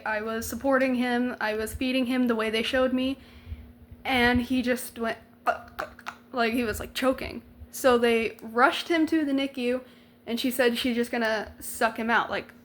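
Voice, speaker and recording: A woman's voice: on the high side, a bit bright, a little hiss or hum. A young adult woman vlogger telling a personal story in a candid, emotional way, swearing freely and using slang and lots of likes.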